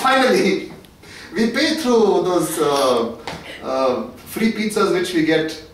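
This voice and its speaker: Speaking slowly in a high voice with big pitch swings, a man leads a jokey tour of an indoor office suite, recorded from afar in a very echoey room with a little hiss or hum. He tells a long comic story casually and laughs at his own gags.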